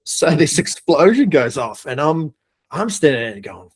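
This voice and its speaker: A middle-aged man from Australia, a podcast guest and air force veteran, telling a story in a lively, swearing way and laughing as he goes. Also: fairly high pitch, unhurried, breathy edge. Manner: animated, swears a lot, laughs through his story. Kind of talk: casual storytelling.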